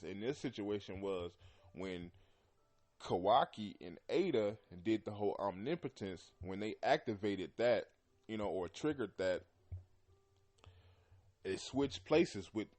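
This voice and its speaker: Male podcast host, lower voice, easygoing rambling fan commentary, frequent throat clearing. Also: a little mellow. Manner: loose and rambling, heavy with "you know" and "man"; often clears his throat. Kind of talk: casual anime commentary.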